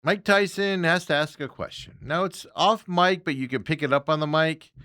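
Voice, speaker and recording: A man's voice: fairly high pitch, moderate pace, bright, forceful tone, dry recording, studio quality. A man hosting a sports talk show, chatting in a loose, casual way with chuckling asides.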